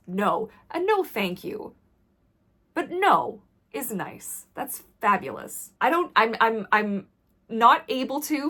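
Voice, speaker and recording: A woman vlogger with a fairly high-pitched voice talks candidly to camera, blunt and intense. She goes quiet when the subject turns heavy.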